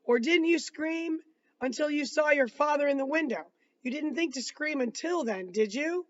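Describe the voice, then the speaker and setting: A man reading aloud, voicing a calm, patient lawyer cross-examining a witness in measured questions. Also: very high voice, lo-fi sound, voice pushed up. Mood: probing.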